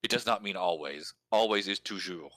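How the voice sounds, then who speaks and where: A man's voice: low voice, moderate pace, bright, forceful tone, no echo, low-quality recording. A man in casual conversation, explaining points at length and thinking aloud with fillers as he goes. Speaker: lyric and language helper.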